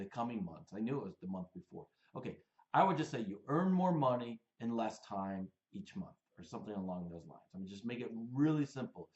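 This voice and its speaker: A man's voice: lowish voice, darkish tone, roomy sound, dull audio. A man reviewing sales copy in a casual, blunt way, talking through it with many fillers and restarts. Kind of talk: casual screen-share critique.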